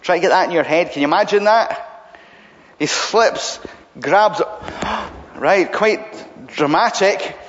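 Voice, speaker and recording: Slow, animated preacher in an echoey hall. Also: male voice, high-pitched, a little hiss or hum. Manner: animated, audience-engaging, rhetorical questions. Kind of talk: sermon with storytelling. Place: church hall with congregation. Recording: dull echoey church hall with congregation.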